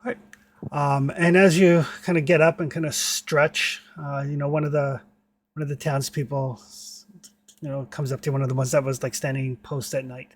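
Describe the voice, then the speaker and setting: A man's voice: fairly high pitch, level tone, moderate pace. A man narrating a tabletop game as game master, rambling with many filler words.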